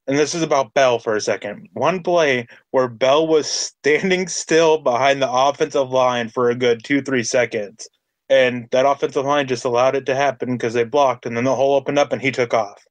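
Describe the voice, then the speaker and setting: A man's voice: mid-range voice, moderate pace, dry recording. A man hosting a casual sports podcast, talking with enthusiasm and building his points with repeated phrases. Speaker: podcast host.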